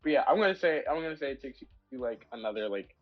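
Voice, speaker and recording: A man's voice: medium pitch, animated, fast talker. A man narrating a tabletop game as game master, rambling and restarting his sentences. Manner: rambling, repeats words, restarts a lot. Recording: dull lo-fi audio with faint music.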